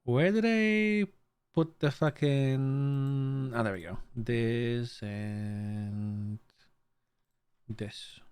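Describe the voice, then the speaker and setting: A man's voice: mid-range voice, drawn-out words, pauses often, a little mellow, smooth. A young adult man from Bulgaria chatting casually with his live stream viewers, stammering through restarts, swearing freely and greeting chatters by name.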